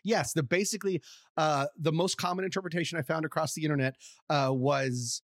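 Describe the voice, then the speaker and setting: A man's voice: on the high side, fairly quick, dry recording, clean studio sound. A man co-hosting a podcast in casual chat, playful and laughing often, sometimes in a mock game-show announcer voice. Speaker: podcast co-host.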